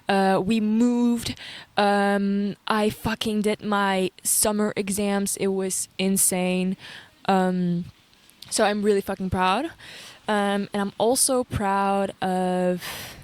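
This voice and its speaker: A young woman, talking candidly to camera in a personal vlog, halting, filling gaps with "like" and swearing often. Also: mid-range voice. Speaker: vlogger.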